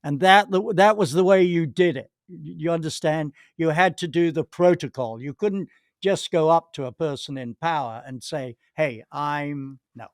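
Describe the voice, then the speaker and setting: A man's voice: a little high, normal speed, no room sound, clean studio sound. An older man, a podcast guest, telling long rambling anecdotes with many restarts and acted-out quotes. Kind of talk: anecdotal storytelling.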